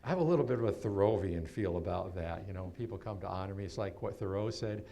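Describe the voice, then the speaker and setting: A man in his seventies from New York, giving a keynote talk as a storyteller and telling stories with animated swings and laughter. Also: low-pitched, fast, creaky, a little hiss or hum. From New York, USA. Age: 70s.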